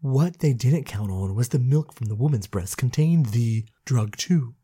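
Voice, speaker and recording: A woman with a very low voice and a widely swinging pitch reads a racy novel aloud. She plays it up with dramatic flair and laughs along in a comic banter. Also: expressive, a little slow, mellow, husky. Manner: playful, drops into dramatic low reading voice. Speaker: podcast co-host. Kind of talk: comedic reading and banter.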